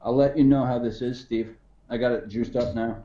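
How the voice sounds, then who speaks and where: A man's voice: medium pitch, steady tone, a little fast, muffled recording, crowd noise. An American man chatting casually on a livestream, laid-back and slangy. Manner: laid-back, slangy, says dude and bro. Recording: echoey room, faint noise.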